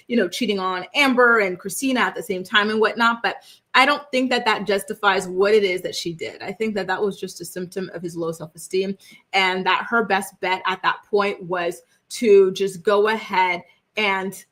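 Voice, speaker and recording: A woman's voice: mid-range voice, a bit bright. A young adult woman hosting a celebrity gossip livestream, chatting casually, reacting to viewer comments, with constant "like" and "right?" tags and emphatic opinions.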